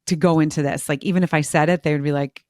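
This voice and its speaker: Here a forties-aged mom and podcast co-host talks fast in a low voice, recorded clean in the studio without echo. Her chat is casual and emotional, open and expressive, and she laughs a lot.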